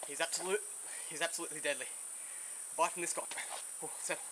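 Out in the bush, an Australian wildlife presenter handles a venomous snake, shifting between soothing murmurs and eager explanation while sweating and a bit out of breath. His voice is on the high side, steady in tone and fairly quick. Loud buzzing insects and crickets fill the outdoor field recording.

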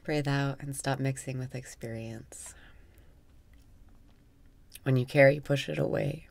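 A woman leads a guided meditation in a low, gravelly voice, taking her time over every phrase. She talks softly, often sinks into a whisper, and laughs wryly at herself between instructions. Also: fairly even intonation, dry recording. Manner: slow, soft-spoken, often dropping to a whisper, with wry self-mocking laughs.

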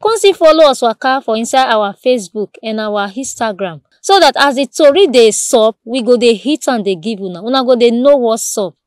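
A woman news presenter speaking with a Nigerian Pidgin accent, telling the day's stories in a lively, repetitive storytelling way with exclamations. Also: a little high, fairly quick, few pauses, dry recording, clean studio sound. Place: studio.

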